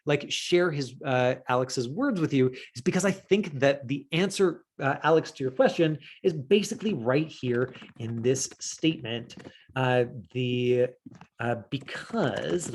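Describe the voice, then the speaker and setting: A middle-aged man teaching acting in a casual, talkative way, full of fillers and quick asides. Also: mid-range voice, expressive, a little mellow, a little hiss or hum. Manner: chatty, full of fillers, breaks into quoted voices.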